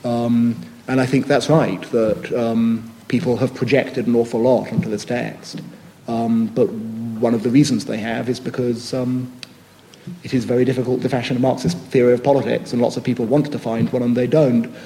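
A man's voice: mid-range voice, little pitch movement, moderate pace, warm tone, big-room sound, slight background noise, low-quality recording. A man answering a question on a panel in an academic discussion, hesitant and thoughtful, with many fillers and restarts.

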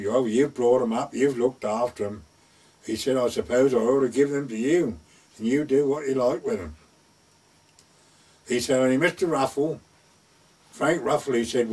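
A man's voice: a little high, a little mellow, husky, far from the mic. An older man casually reminiscing in a rambling retelling, repeating "I said" and "he said.". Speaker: storyteller.

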